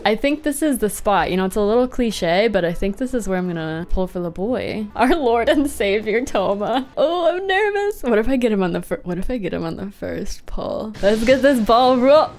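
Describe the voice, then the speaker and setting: High, animated young woman streamer. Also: normal speed, hardly any pauses. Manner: dramatic, squealing, laughs often. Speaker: gaming streamer. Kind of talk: excited gaming commentary. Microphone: desk microphone. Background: faint game music.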